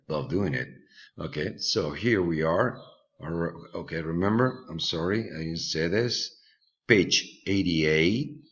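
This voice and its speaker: Slow, very low-voiced male teacher. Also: fairly bright tone. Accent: Spanish. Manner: slow, patient, with many fillers and repetitions. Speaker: English teacher. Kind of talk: online English lesson for children. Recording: dull lo-fi recording.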